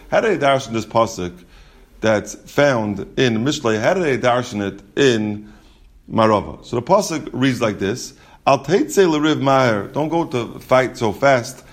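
Man teaching a Talmud lesson. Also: medium pitch. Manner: reads text in singsong then explains in plain English, many restarts. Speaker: Torah teacher. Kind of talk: Talmud lesson, translating Hebrew and Aramaic text.

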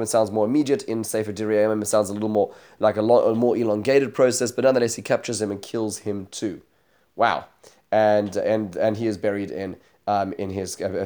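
This man's voice is fairly low and a little mellow. He teaches a Bible study lesson, retelling the chapter as a story and voicing the quoted speakers, with many fillers and restarts.

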